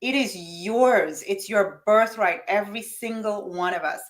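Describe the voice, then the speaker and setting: A woman hosting a live-streamed money mindset coaching session. She talks in a high-energy, emphatic way, speaks straight to her viewers and reads their comments aloud. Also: measured pace.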